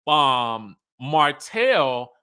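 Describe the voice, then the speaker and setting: A man hosting a casual recap, chatting in an animated way and laughing often. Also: medium pitch, extremely slow, clear, resonant tone. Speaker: YouTube recap host. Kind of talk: casual reality TV recap commentary.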